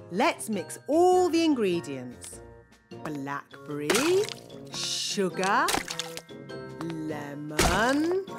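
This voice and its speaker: Nanny Plum, a bossy fairy nanny. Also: female voice, mid-range voice, exaggerated voice. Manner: brisk, fussy and self-assured. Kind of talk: cartoon voice acting.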